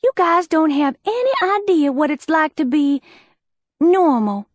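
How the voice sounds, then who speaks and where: A woman voicing a high, agitated teenage schoolgirl. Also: lively intonation, unhurried, dry recording, studio quality. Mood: impassioned. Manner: raised, cracking, emotional outbursts. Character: upset teenage schoolgirl, bright and insecure. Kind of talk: audiobook character voice.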